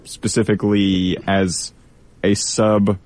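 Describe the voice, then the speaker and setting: Low-voiced young male radio host. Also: little pitch movement, takes it slowly, darkish tone, no echo. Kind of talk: casual radio chat.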